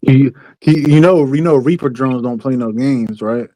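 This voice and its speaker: A man's voice: mid-range voice, moderate pace, warm tone, dry recording, low-quality recording. A man guest on a livestream, talking casually in slangy, easygoing speech.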